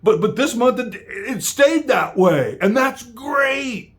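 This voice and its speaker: A man putting on a high, drawling voice to mock a befuddled elderly male politician. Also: animated, slow pace, fairly bright tone, exaggerated voice.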